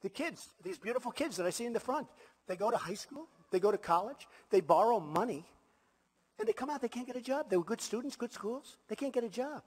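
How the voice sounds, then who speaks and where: A man gives an emphatic campaign rally speech as a political candidate before a crowd in a large venue, repeating his points and tossing in boastful asides. His voice is very high, slightly rough, animated and a little fast, with the long reverb of a big hall.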